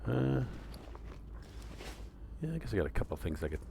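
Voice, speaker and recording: A man's voice: mid-range voice, sing-song, normal speed, creaky, warm tone. A man casually commenting on a game he streams, joking and sarcastic, with a faint hiss behind him. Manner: joking, sarcastic, slips into voices. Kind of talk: casual gameplay commentary with read-aloud quests.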